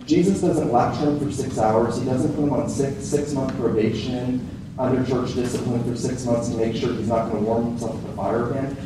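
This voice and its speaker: A man's voice: medium pitch, steady tone, fairly quick, noisy background. A man preaching a sermon as a pastor, earnest and emphatic, leaning into key phrases.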